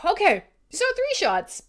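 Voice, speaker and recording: A young woman hosting a live music stream in a loose, giggly, self-mocking way. Her voice sits a little high and swoops up and down with lively energy as she chats with the audience. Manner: giggly, playful, self-deprecating, chatty with viewers. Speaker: livestream radio host. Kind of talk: casual livestream chat.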